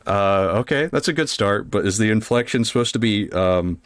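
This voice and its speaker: A man's voice: fairly low pitch, expressive, moderate pace, dry recording, clean studio sound. A man hosting a podcast in casual chat, nervous, giggly and self-deprecating. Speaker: podcast host.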